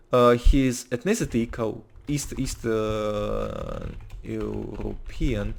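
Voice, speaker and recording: A man talks casually over his gameplay at a middling pitch, rambling and cursing as he goes. He often restarts his sentences mid-thought. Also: creaky. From Russia. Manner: rambling, swearing, quick restarts and laughter. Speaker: gaming video host.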